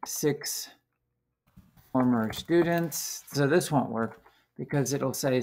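A man teacher talking through a coding lesson on screen, halting and full of fillers. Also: mid-range voice, gravelly. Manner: slow, halting, many fillers.

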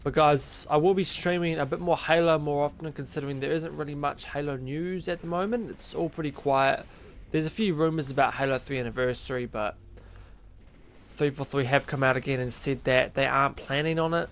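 A man's voice: fairly high pitch, steady tone, brisk, slight background noise. A man giving casual live commentary while streaming a game, chatty and upbeat, buzzing from coffee. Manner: chatty, upbeat, addresses viewers as fellas. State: caffeinated and buzzing. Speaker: gaming streamer.

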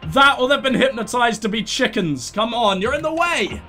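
Animated high-voiced gaming commentator. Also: male voice, normal speed. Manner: joking, reads subtitles aloud in silly voices. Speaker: let's play host. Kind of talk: gameplay commentary. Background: game music.

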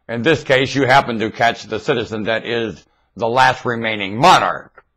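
A self-styled webcam broadcaster delivers a rambling monologue into his webcam. He's theatrical and erratic, swinging from low mutters to excited shouts.

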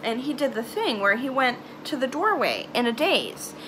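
A young woman telling a personal story to camera in a halting, emotional way, trailing off into sighs and nervous laughs. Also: fairly high pitch, huge pitch swings, background noise. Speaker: vlogger. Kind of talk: confessional storytime vlog.

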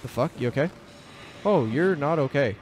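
Jittery and prone to swearing, a young man comments on the game he's playing and addresses its characters directly. His mid-range voice is animated and somewhat dark, moving at a moderate pace over slight background noise in this let's play commentary.

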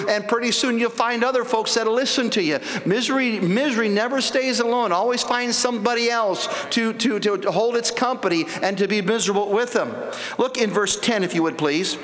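Male preacher, high voice, folksy storytelling between scripture readings, church hall reverb. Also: fairly bright tone. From United States. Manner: reads scripture aloud with congregation, retells in folksy speech. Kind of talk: sermon. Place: church sanctuary.

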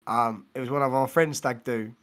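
A man's voice: medium pitch, normal speed. A man, a podcast co-host telling a rambling, slangy anecdote in casual chat. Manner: animated storyteller, slangy, grows loud when excited.

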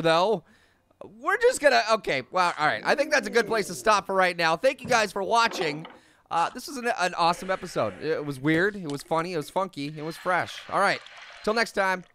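A man's voice: high voice, sharp tone, full character voice. A man voicing a goofy, mischievous male talking orange, giving teasing let's play commentary with lots of giggles. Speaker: game commentator.

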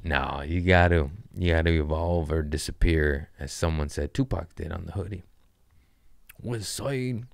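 A man's voice: rumbling low, steady tone, moderate pace, gravelly, hardly any pauses, dry recording, studio quality. A man around forty hosting his own podcast, riffing loosely and jokingly in casual, profane chat. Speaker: comedian podcast host.

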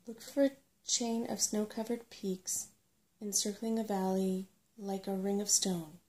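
A woman voicing a weary, forgetful old male dragon in a soft, murmuring whispered role-play. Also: mid-range voice, level tone, natural voice. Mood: grave. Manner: slow, murmuring, trailing off.

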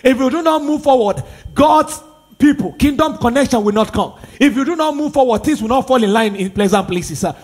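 High-pitched husky Nigerian preacher man. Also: animated, fairly quick, darkish tone. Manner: emphatic, repetitive preaching with rhetorical questions. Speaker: pastor. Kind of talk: sermon.

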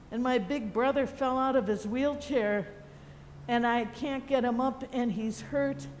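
A woman voicing a scared little boy who apologizes and pleads in a high, hurried voice. He is earnest and frightened, in a story told during a sermon. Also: big-room sound, a little hiss or hum. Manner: pleading, breathless.

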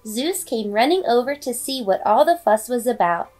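High-voiced woman reading a bedtime story. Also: normal speed. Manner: expressive, dramatic storybook reading. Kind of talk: bedtime read-aloud narration. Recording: faint background music.

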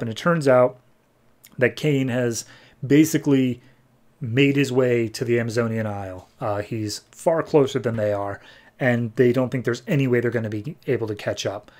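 A man hosting a podcast, giving a casual recap of comic books and breaking into quick voices for the characters. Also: mid-range voice. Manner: animated storyteller, acting out characters' lines in quick voices. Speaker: podcast host.

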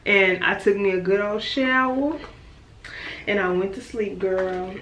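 A woman's voice: mid-range voice, a bit bright. A pregnant young woman venting to her viewers in a casual vlog, swearing freely, laughing often, and calling her audience "girl" and "y'all". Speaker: vlogger.

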